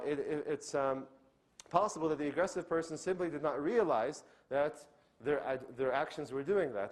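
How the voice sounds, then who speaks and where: A man's voice: on the high side, darkish tone. Earnest male lecturer, raised voice. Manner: earnest, asks the audience questions and answers them himself; often checks in with "okay?". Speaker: doctor and Islamic lecturer. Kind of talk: religious lecture to a live audience.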